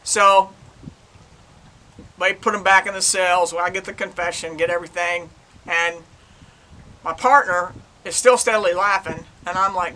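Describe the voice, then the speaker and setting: A man's voice: high voice, fairly even intonation, normal speed, sharp tone, rough recording. An older man, a retired police detective, casually telling a case story in a chatty, rambling way and retelling the dialogue. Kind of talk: casual true-crime storytelling.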